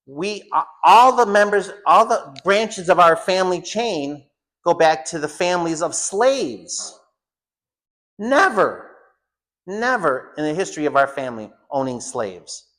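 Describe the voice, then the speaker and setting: A man's voice: high-pitched, expressive, measured pace, a bit bright. Blunt, emphatic man teaching a class. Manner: emphatic, blunt, repeats phrases for stress. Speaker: home school teacher. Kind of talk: informal lecture to students.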